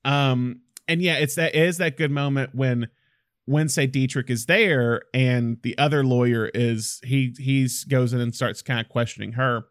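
A man's voice: medium pitch, fairly even intonation, measured pace, no echo, studio quality. A man co-hosting a casual film discussion, talking enthusiastically and acting out quotes from the movie.

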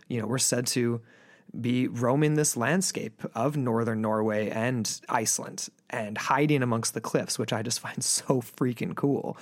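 A man's voice: mid-range voice, no echo, studio quality. A man co-hosting a casual podcast chat, enthusiastic and rambling, with lots of fillers. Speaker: podcast co-host.

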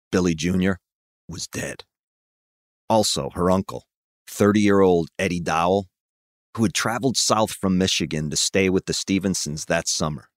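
Very deep-voiced male narrator. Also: dry recording, studio quality. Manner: measured, even storytelling. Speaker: documentary narrator. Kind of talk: scripted narration.

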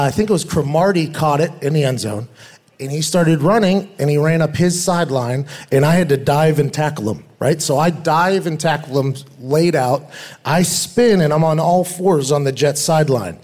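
A man's voice: fairly high pitch, moderate pace. A middle-aged man, a former football player, telling stories casually as a guest, swearing freely and acting out the voices of others. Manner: animated, profane, acts out quoted voices. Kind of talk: casual storytelling.

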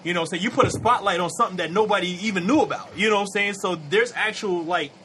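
A man co-hosting a podcast, talking in a casual, animated way and swearing freely. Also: high-pitched, rapid-fire, slight background noise, poor audio. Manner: animated, profane, repeats "you know what I'm saying". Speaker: podcast co-host. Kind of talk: casual chat.

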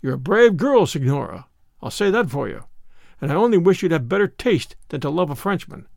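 A man voicing a coarse male ruffian jailer with a rough, gruff, loud manner in an audiobook reading. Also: fairly high pitch, very animated, brisk, no echo, studio quality.

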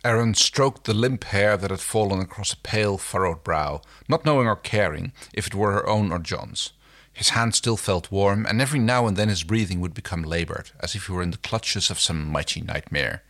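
A man's voice: deep voice, normal speed, fairly bright tone. A man co-hosting a casual chat, reading fiction aloud playfully and laughing now and then. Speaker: podcast co-host reading fan fiction.

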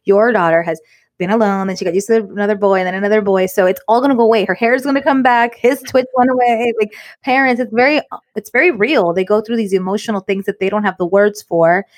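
Fast-talking mom on a podcast. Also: female voice, mid-range voice. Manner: animated storytelling. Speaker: podcast co-host; mother of three. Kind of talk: casual chat.

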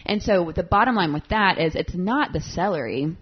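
A young woman with a somewhat low voice chats casually as a podcast co-host, animated and emphatic and quick to laugh. The recording sounds a little dull and muffled. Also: slightly rough. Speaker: podcast co-host who works with clients on food. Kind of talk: casual chat. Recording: slightly dull podcast audio.

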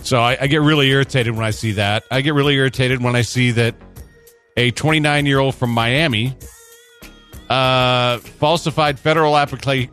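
A man hosting a sports talk radio show, rambling through a story with plenty of uhs and restarts. His voice sits at an ordinary middle pitch, and faint music plays underneath. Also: fairly even intonation, normal speed, fairly bright tone. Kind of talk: casual radio banter.

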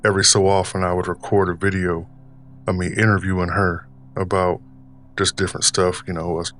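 Deep-voiced man in a put-on Southern drawl. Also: flat delivery, fairly bright tone, slight background noise. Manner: deliberately puts on an older man's voice; rambling, filler-heavy, unhurried delivery. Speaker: podcast host. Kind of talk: casual storytelling monologue.

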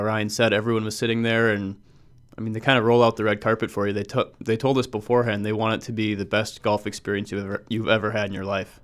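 A man with a smooth, resonant voice talks as a guest on a podcast. He speaks in a relaxed way and often reaches for "like" and "you know". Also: fairly low pitch. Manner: relaxed, filler-heavy talker. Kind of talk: casual chat.

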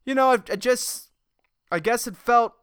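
A man putting on a flustered unemployed man answering a news reporter, halting and trailing off. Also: very high-pitched, fairly bright tone, clean tone, dry recording, clean studio sound, voice pushed up.

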